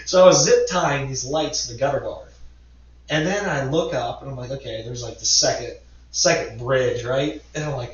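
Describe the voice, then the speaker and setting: A man's voice: medium pitch, animated, moderate pace, distant mic. A man in his thirties co-hosting a podcast, casually telling a long rambling story and swearing freely. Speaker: podcast co-host. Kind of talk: casual chat. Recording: echoey, dull lo-fi room sound, off mic.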